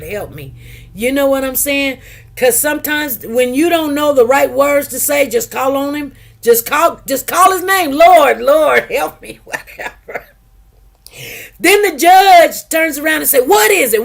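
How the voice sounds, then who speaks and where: A woman, hosting casual commentary and telling stories with animated, acted-out quotes. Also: medium pitch. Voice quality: lively, animated storytelling, acts out quotes. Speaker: commentary host.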